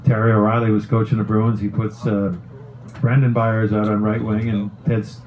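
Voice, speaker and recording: A middle-aged man, a former hockey player, tells a long story in a casual, animated way, swearing and laughing as he goes. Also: on the low side, moderate pace, muffled recording, slight background noise. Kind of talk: casual storytelling on a talk show.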